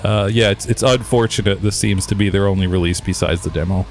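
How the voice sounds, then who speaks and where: A man's voice: low voice, steady tone, fast. A man co-hosting a music podcast in casual chat, laid-back and full of "uh"s, with the odd swear word. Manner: laid-back, filler-heavy, profane. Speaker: podcast co-host.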